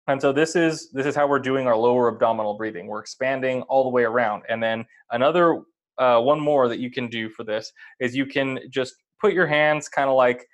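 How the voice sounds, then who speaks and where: A man co-hosting a singing lesson, explaining breathing exercises in a loose, hesitant way. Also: mid-range voice. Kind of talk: instructional talk.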